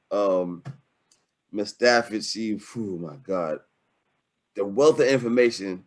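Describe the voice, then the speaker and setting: A man hosts a live webinar over a video call. His voice sits a little low, and he talks in an emphatic, slangy, excitable way. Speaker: webinar host. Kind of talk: casual live webinar hosting.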